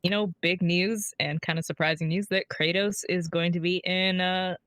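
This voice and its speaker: A woman's voice: fairly low pitch, steady tone, moderate pace, a bit bright, slight background noise. A woman co-hosting a gaming podcast over an online call, presenting topics in a wry, matter-of-fact way. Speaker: podcast co-host. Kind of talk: casual chat.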